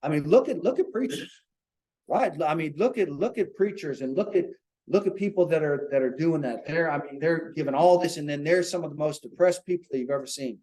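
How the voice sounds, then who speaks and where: A man's voice: a little high, a little fast, dark tone, low-quality recording. A man leading an informal Bible study for a small group, talking earnestly and checking in with rhetorical questions.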